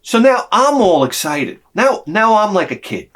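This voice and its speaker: A man telling a personal story in an animated way, swearing freely and acting out the people in it. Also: high voice, a little slow. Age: adult with a young son. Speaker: video creator.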